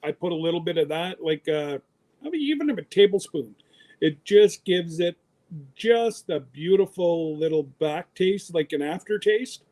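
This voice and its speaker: A man with a notably high voice hosts a relaxed livestream chat. He talks in quick, teasing bursts, bantering with his guests. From Canada. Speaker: host.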